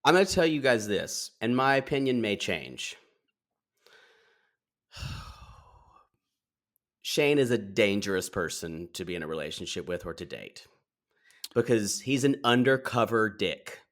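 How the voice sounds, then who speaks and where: A man's voice: fairly low pitch, sing-song, unhurried, pauses often, fairly bright tone. A man co-hosting a podcast, chatting playfully and giving strong opinions while recording remotely. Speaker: podcast co-host. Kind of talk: casual chat.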